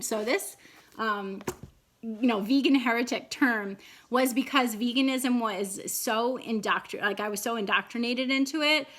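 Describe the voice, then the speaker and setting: A woman in her thirties talks through a personal story in a loose, casual vlog style. She rambles, restarts her sentences and leans on fillers as she goes. Her voice sits a little on the high side. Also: fairly bright tone. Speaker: vlogger.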